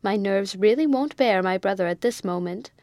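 A woman's voice: medium pitch, normal speed, darkish tone, no room sound, studio quality, lightly acted. A woman voicing a fussy, fashionable old spinster who speaks in a fretful, imperious way.

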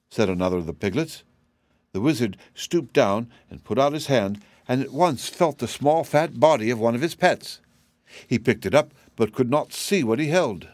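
Measured male audiobook narrator, dry. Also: fairly low pitch, lively intonation, no room sound.

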